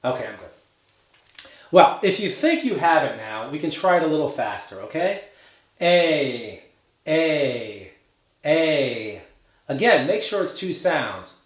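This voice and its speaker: A man teaching a pronunciation lesson, drilling vowel sounds slowly and cheering the learners on to repeat after him. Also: fairly high pitch, very animated, echoey room. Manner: slow, drawn-out drilling of vowel sounds with encouraging prompts.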